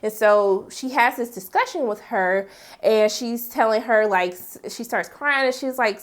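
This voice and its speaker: A woman giving a casual TV episode recap and review, chatty and animated, acting out the scenes and breaking in with sassy asides. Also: a little high, moderate pace. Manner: chatty, animated retelling with playful sass.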